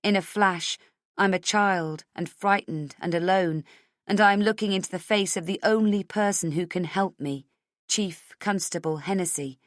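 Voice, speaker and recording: A woman's voice: lowish voice, moderate pace, dry recording, studio quality. A woman narrating a thriller audiobook in the first person, with tense, urgent storytelling.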